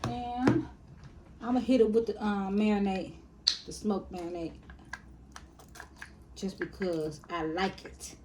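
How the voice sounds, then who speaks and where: A woman's voice: mid-range voice, fairly even intonation, slow pace, pauses often, noisy background. Chatty woman cooking at home. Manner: chatty, talks to viewers as y'all and baby. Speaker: cooking vlogger. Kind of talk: casual cooking tutorial. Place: home kitchen.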